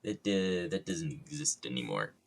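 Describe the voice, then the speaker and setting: A man's voice: sits low, very animated, moderate pace, gravelly, a little hiss or hum. A man from New York streaming live, rambling casually in a self-mocking, loosely profane way with a plain, neutral accent.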